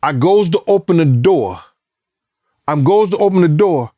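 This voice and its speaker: A man recounting events as a former bodyguard in an animated, profane interview, acting out voices and sounds. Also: a little high, normal speed, dry recording, lo-fi sound. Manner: profane, acts out quotes and sounds, rising excitement.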